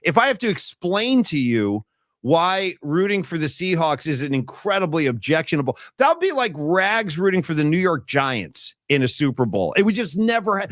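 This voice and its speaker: A man co-hosting a sports talk stream, rambling and animated as he riffs on viewer comments. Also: a little high, moderate pace, no room sound, studio quality. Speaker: podcast co-host. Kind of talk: casual sports chat.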